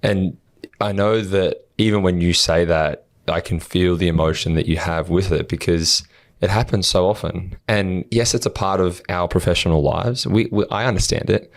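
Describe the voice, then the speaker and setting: A man's voice: deep voice, steady tone, normal speed. A man co-hosting a podcast, talking earnestly and swearing freely as he acts out his replies to online trolls. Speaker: podcast co-host. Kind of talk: casual podcast chat.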